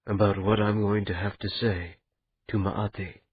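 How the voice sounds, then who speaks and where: A man's voice: lowish voice, flat delivery, normal speed, breathy edge, dry recording, phone-quality sound. A weary, subdued young man, as a narrator puts him on. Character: weary, frightened young man, reluctant leader.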